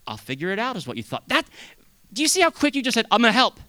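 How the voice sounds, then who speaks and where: A man preaching a sermon as pastor, swinging between loud bursts and hushed asides. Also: high-pitched, wildly swooping pitch, quick pace, no room sound.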